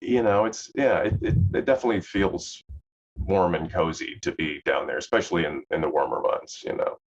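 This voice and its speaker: A middle-aged man talks in a very deep voice with a faint Southern US accent. He rambles easily through his answers, full of fillers and restarts. The recording sounds somewhat dull and lo-fi. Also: a little fast, a little hiss or hum. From Southern US, Memphis. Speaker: actor guest. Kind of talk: casual interview chat.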